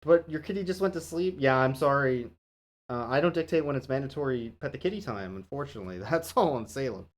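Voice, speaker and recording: A man streams a video game and chats casually with viewers, swearing, laughing, and cooing at his cat. His medium-pitched voice is animated and quick.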